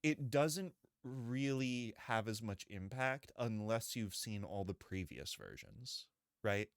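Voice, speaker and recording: A man's voice: lowish voice, expressive, no echo, clean studio sound. A man streaming a video game, chatting casually in a jokey, rambling way. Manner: jokey, rambling, quick laughs. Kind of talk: casual gameplay commentary.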